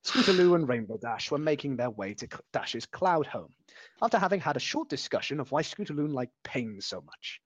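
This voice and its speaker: A man's voice: medium pitch, big pitch swings, a little fast, husky, no room sound. A man reading a story aloud in a casual, unpolished way, stumbling over words and restarting them as he goes. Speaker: amateur reader.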